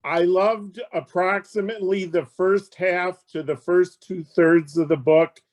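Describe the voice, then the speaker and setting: A man's voice: sits high, steady tone, measured pace. A man in a book club discussion, giving a frank opinion. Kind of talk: casual discussion.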